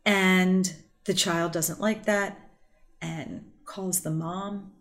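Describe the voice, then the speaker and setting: Earnest low-voiced woman counselor. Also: fairly even intonation, very slow. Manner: earnest, emphatic, acts out quoted dialogue. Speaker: family counselor. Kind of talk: explanatory talk to parents.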